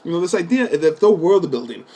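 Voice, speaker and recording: A man's voice: fairly high pitch, very animated, fairly quick, mellow, husky. A young man talking casually in a rambling, opinionated and sarcastic way. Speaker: video blogger. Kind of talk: casual chat.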